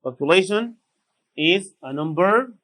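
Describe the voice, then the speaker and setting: A man teaches English vocabulary in a slow, measured classroom style. His voice sits a little high for a man, and he says each word again and again with care. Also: lively intonation, fairly bright tone, low-quality recording. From Sudan. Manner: repeats each word slowly and deliberately.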